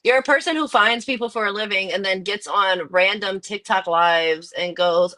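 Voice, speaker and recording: A woman's voice: mid-range voice, expressive, moderate pace, few pauses, sharp tone, no room sound. Sarcastic woman guest, dry sound. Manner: indignant, sarcastic, laughing. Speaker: live stream guest. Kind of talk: casual chat.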